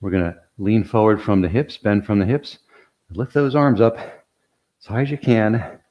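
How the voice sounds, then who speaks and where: An older man coaching a workout at an unhurried pace, his voice sitting fairly low. He demonstrates each move as he explains it, counts down the reps and keeps cheering listeners on with small jokes. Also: highs cut off. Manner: encouraging, counts reps, cues breathing, light jokes; talks while demonstrating the exercises. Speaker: exercise coach. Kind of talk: guided workout instruction.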